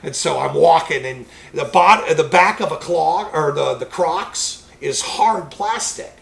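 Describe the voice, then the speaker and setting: A man who is a preacher, telling a personal testimony story in a rambling, animated way. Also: on the high side, unhurried, gravelly, poor audio.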